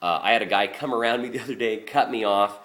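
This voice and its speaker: A man's voice: on the low side, quick pace, fairly bright tone. Blunt, profane garbage man telling stories. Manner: blunt and profane, rambling with restarts. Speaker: garbage truck driver. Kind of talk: casual storytelling monologue.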